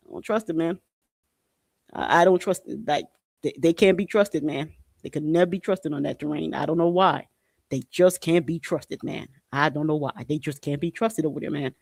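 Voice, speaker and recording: A man's voice: a little high, moderate pace, vocal fry, no room sound, studio quality. A man hosting a podcast, reading news articles aloud and commenting on them in a blunt, indignant way, swearing and repeating himself. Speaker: podcast host.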